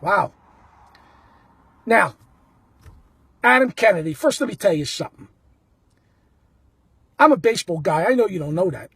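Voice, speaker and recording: Animated man telling a story, husky voice. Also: sits high, a little slow, long pauses, no room sound. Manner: animated, blunt, acts out the quotes. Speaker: baseball fan telling a story. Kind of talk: casual storytelling to camera.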